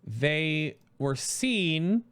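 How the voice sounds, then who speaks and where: A man hosting his stream, talking casually and quickly about a project, rambling through explanations. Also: fairly high pitch, expressive, a bit bright, clear, resonant tone, no room sound. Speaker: host.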